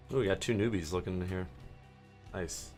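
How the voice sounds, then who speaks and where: A lowish-voiced man with a hoarse throat rants casually and profanely as he drifts from topic to topic. He is a gaming host talking over his own match, loose and unscripted. Faint music sits under his voice. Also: moderate pace. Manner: profane, ranting, digressive. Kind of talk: casual rambling commentary while gaming.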